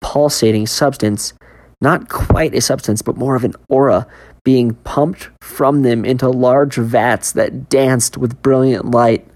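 A woman with a remarkably deep voice narrates a scripted horror story. She keeps a steady, measured storytelling pace throughout.

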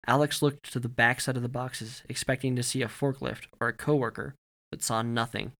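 A male narrator reads a story in a steady, measured voice. His tone is bright and forceful, and his pitch sits in a middle range. The delivery is scripted audiobook narration. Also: vocal fry.

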